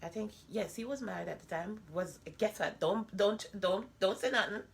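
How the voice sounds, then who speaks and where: A woman's voice: medium pitch, normal speed, creaky. A woman, talking bluntly and candidly in a personal vlog monologue, full of rhetorical asides. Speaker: vlogger.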